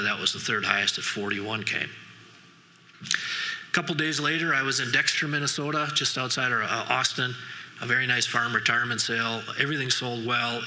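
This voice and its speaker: A middle-aged man tells folksy stories from the stage, circling back through asides. His voice is bright and forceful. Long reverb trails off each phrase in a big conference hall. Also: medium pitch. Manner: folksy storytelling with frequent asides and restarts. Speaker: keynote speaker. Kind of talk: conference keynote talk.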